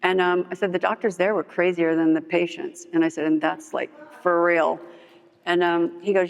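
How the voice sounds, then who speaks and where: A middle-aged woman with a gravelly edge tells her story to a meeting, her voice carried on the long reverb of a hall. She is animated and acts out every quote. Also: fairly low pitch, a little fast. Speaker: speaker at a recovery meeting. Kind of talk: personal story told to a group.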